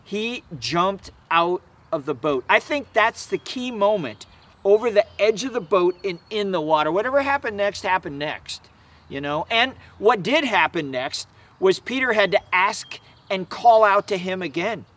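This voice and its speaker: A man's voice: high-pitched, animated, unhurried, a bit bright. Man preaching in a conversational sermon. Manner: conversational, emphatic preaching with fillers. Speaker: pastor.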